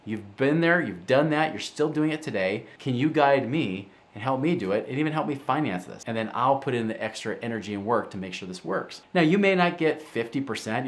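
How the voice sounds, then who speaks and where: Animated man with a lively voice. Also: medium pitch, fairly quick, hardly any pauses. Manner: animated storyteller, acts out quoted voices. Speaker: show host. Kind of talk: casual talk to camera.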